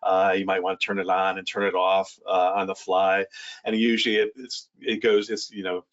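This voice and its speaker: A man presenting software features in a casual walkthrough, rambling with many fillers and restarts. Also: low voice, level tone, normal speed. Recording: dull lo-fi sound.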